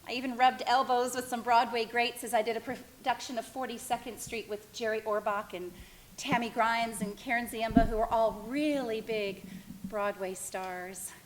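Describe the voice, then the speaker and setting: A middle-aged woman telling her own life story as a theatrical one-woman monologue, expressive and wistful. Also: fairly high pitch, moderate pace, a little hiss or hum, rough recording. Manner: expressive, wistful, self-reflective. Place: stage.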